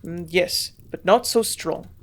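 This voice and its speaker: A woman voicing a gruff old male German scientist with a strong German accent, grunting out his lines louder than her narration. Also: on the low side, slow pace.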